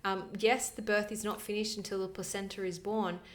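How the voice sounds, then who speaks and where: A woman's voice: medium pitch, flat delivery, fairly quick. A woman co-hosting a podcast, chatting casually in an earnest, rambling way with plenty of fillers. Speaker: podcast co-host. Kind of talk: casual chat.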